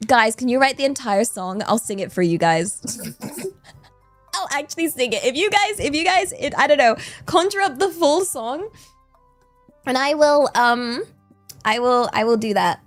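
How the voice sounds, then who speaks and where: A woman's voice: sits high, lively intonation, moderate pace, soft background music. Playful British woman streamer. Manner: playful, giggly, self-mocking. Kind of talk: casual live-stream chat.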